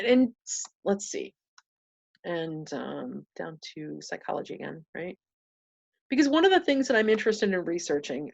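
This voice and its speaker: A woman's voice: mid-range voice, dull audio. A woman talking through a casual screen-share tutorial, thinking aloud with many fillers and restarts.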